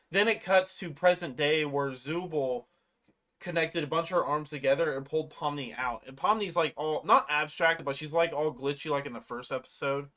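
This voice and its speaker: Casual movie recapper, rambling and profane, mid-pitched voice, slips into animated quotes. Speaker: movie reviewer.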